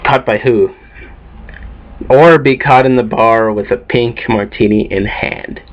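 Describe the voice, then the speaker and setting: A man's voice: mid-range voice, unhurried. A teenage boy vlogging in a casual, rambling way, offhand and swearing a lot, tired from lack of sleep. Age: teens. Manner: profane, offhand, self-mocking. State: sleep-deprived. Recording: dull lo-fi home recording.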